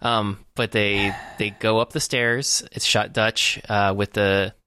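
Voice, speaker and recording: Low, smooth-voiced man recapping a film. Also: little pitch movement, pushed and bright, no room sound, studio quality. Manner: recaps plot in a halting, unhurried way with many fillers. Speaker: podcast co-host. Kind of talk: casual film discussion.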